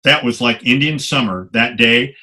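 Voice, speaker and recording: Older male guest, vivid anecdotal storyteller with a bright, forceful tone. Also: mid-range voice, normal speed. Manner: animated anecdotes, salty language. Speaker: guest photographer. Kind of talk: storytelling interview.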